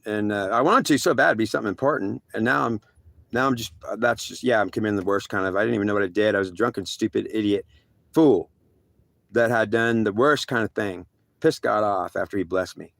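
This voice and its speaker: A man tells a long first-person story at a fast clip, his voice rough with fry. He stumbles and restarts often, and he mimics other people's remarks in quick back-and-forth. The sound is dry and close, with no room around it. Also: fairly low pitch, fairly bright tone, dry recording. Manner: halting, repetitive, many restarts.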